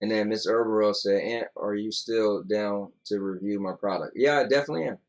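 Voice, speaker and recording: A young man with a fairly low voice chats loosely on a home podcast. He rambles, reads viewer comments aloud and sounds tired, yawning now and then. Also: brisk. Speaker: podcast co-host. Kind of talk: casual chat reading comments.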